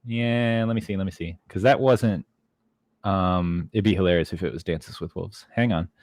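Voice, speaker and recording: A young man co-hosting a podcast, chatting casually and filling pauses with ums. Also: sits low, no echo. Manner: relaxed, chatty, frequent ums. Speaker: podcast co-host. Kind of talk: casual chat.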